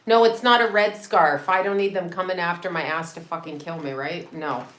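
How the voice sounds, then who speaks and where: A woman hosting a casual livestream from home, chatty and excitable, swearing freely and laughing often. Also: on the low side, normal speed. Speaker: psychic medium and astrologer livestream host. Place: home room with a set. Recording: echoey room with faint noise.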